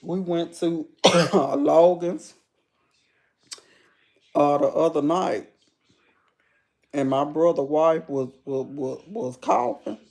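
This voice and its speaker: Gravelly woman host rambling on a live stream. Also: takes it slowly, pauses often. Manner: repetitive, rambling, folksy endearments like baby and honey; swings from low and subdued to loud high bursts when retelling. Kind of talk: casual live stream storytelling.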